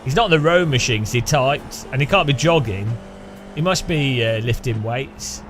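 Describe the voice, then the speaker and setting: A man's voice: medium pitch, expressive, normal speed, fairly bright tone, a little hiss or hum. A man streaming a game, rambling and joking with his chat in a self-mocking way. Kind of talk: casual live stream chat while gaming.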